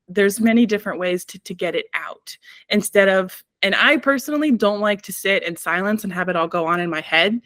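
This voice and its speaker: A woman's voice: medium pitch, a little fast, fairly bright tone, no room sound. A woman wellness professional, a guest on an interview podcast, talking reflectively with many "um" fillers. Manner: reflective, frequent "um" fillers, laughs between points. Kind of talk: casual interview talk.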